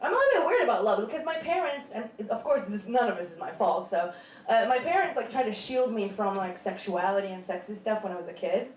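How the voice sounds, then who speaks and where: A woman's voice: medium pitch, animated, fast, slight background noise. A woman doing a stand-up comedy set on a club stage, chatty and self-mocking, teasing the audience. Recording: roomy club sound from a distance. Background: loud audience laughter.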